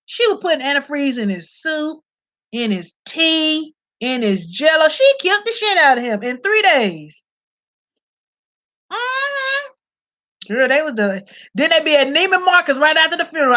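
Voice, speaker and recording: Woman, high voice, animated, profane, laughs often, casual comedic vlog commentary. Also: normal speed. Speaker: vlogger.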